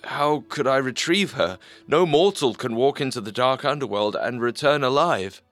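An actor playing a grieving young mortal poet, earnest and despairing. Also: male voice, mid-range voice, moderate pace, fairly bright tone, no room sound, faint music behind, close to an everyday voice. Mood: grief-stricken. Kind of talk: storybook audio drama.

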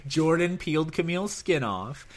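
A man's voice: fairly high pitch, lively intonation, moderate pace. A man in his late thirties co-hosting a podcast, chatting casually with dry, wry humor. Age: late 30s. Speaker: podcast co-host. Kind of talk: casual chat.

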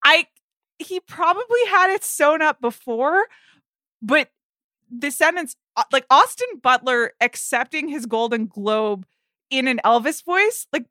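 A woman co-hosting a casual podcast chat, talking quickly with playful asides. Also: high-pitched, lively intonation, bright, forceful tone, no echo, clean studio sound. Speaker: podcast co-host.

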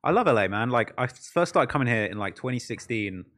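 A man's voice: mid-range voice, lively intonation, fairly quick, fairly bright tone. A young British man from the UK, a YouTube creator chatting casually as a podcast guest, slangy and full of fillers. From United Kingdom. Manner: slangy, lots of fillers like "like" and "bro".

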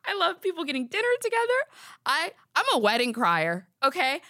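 A woman's voice: high voice, huge pitch swings, fairly quick, bright, forceful tone, dry recording. A young woman hosting a podcast in a studio, chatting casually in a rambling, giggly, self-deprecating way. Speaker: podcast host. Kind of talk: casual chat.

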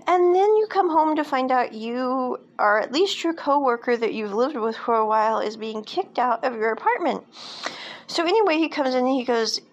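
A woman's voice: sits high, lively intonation, normal speed, dull audio. A woman casually recapping a film's plot, rambling with lots of fillers and side comments. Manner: rambling, chatty, many fillers and asides.

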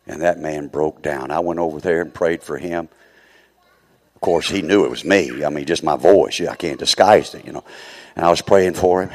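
A man's voice: sits low, normal speed. A man preaching a sermon as a church elder, speaking straight to the congregation and repeating phrases for emphasis.

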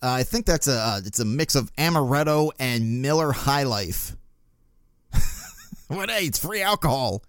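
A man's voice: mid-range voice, expressive, moderate pace, fairly bright tone, smooth, no echo, clean studio sound. A young man hosting a casual sports talk podcast, rambling in a sarcastic, exasperated way. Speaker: podcast host.

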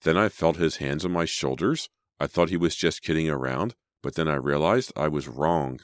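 A man's voice: rumbling low, normal speed, no echo, clean studio sound. A man voicing a suspicious, insistent teenage girl who keeps pressing her accusation. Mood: shaken.

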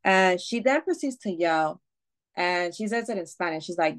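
This woman, a podcast guest, speaks at normal speed in a lowish, expressive voice. She shares a personal story openly and casually, swearing, using fillers, and restarting sentences.

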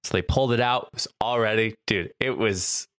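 A man chatting casually on a podcast, telling a story with lively acted-out quotes. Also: lowish voice, a little fast, clean tone, no echo, studio quality. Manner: animated, acts out quoted voices. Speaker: podcast co-host, campus photographer.

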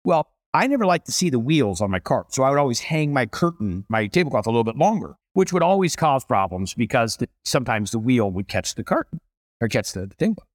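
A middle-aged man, a chef and restaurateur, telling stories as an interview guest in a lively, animated way. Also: medium pitch, fast, dry recording, studio quality. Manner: animated, acts out voices in stories. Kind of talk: storytelling interview.

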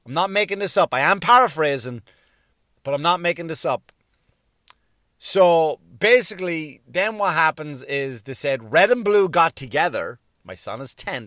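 A fairly high-voiced man rants in exasperated comedic style, swearing freely and tripping over his words as he repeats himself. The sound is dry and close, with no room around it. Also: a bit bright, dry recording. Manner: profane, exasperated storytelling. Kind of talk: comedic rant.

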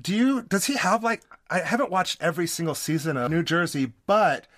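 A man's voice: high voice, animated, a bit bright, no room sound, studio quality. A man co-hosting a podcast, chatting about reality TV in a gossipy, playful way. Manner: gossipy, playful, quick to laugh. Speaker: podcast co-host. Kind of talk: casual recap chat.

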